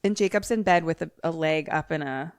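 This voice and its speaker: Woman, lowish voice, rambling casual recap, dry close mic. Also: brisk, clean tone, dry recording. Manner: rambling, quotes characters in raised voices, laughs often. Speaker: podcast co-host. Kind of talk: casual chat, recapping a film.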